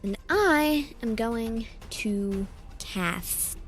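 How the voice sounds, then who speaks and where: A woman playing a tabletop game, talking casually in a halting way with frequent fillers. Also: on the high side, animated, faint music behind. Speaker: player.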